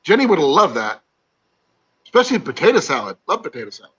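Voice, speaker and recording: A man's voice: on the high side, sing-song, fast talker, a bit bright, slightly rough, muffled recording. A man from Iowa joining a casual live-stream chat as a guest, chatty and rambling. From Iowa, USA.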